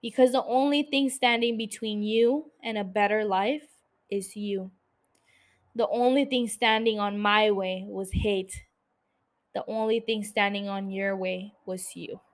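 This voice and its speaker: Woman reading as a hurt, bitter woman facing her shooter, measured, mid pitch. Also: fairly even intonation, close to an everyday voice. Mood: forgiving. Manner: measured, bitter, then forgiving. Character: wounded woman confronting the man who shot her.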